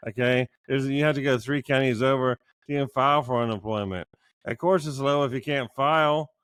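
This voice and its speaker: A man's voice: medium pitch, brisk, a bit bright, clear, resonant tone, dry recording. Argumentative man, dry sound. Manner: argumentative, repeats words when interrupted. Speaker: podcast co-host. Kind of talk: heated political debate.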